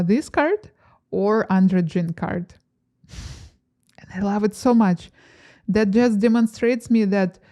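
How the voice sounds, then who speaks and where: Slow, mellow-voiced woman reading tarot. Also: medium pitch, clear, resonant tone. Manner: gentle and musing, with frequent fillers and soft laughs. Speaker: tarot reader. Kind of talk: pick-a-card tarot reading to camera.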